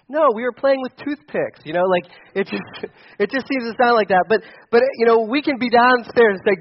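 A man's voice: high voice, fairly quick, muffled recording. A young man preaching a sermon as a pastor, conversational and storytelling, with frequent restarts. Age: young adult.

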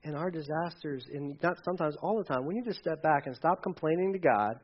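A man preaching with a high, light voice, talking to the congregation as if in casual conversation. He drops to soft asides, then swells into loud, emphatic passages. The sound is a little dull and lo-fi. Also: a little fast, breathy edge. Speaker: pastor. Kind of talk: sermon.

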